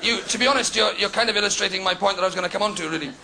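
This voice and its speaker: A Welsh man doing a stand-up set on a club stage, chatting and teasing the crowd with sudden loud outbursts. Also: high-pitched, very fast, gravelly. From Wales. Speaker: stand-up comedian. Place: comedy club stage before a live audience. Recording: noisy live club recording.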